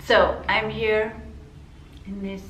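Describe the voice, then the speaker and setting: A woman's voice: medium pitch, level tone, slow pace, a bit bright, echoey room, a little hiss or hum, rough recording. A woman from Argentina with an Argentine Spanish accent, a counselor talking casually to the camera, chatty, often laughing and making apologetic asides. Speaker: counselor and vlogger. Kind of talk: casual to-camera vlog talk. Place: indoor room, not her usual spot.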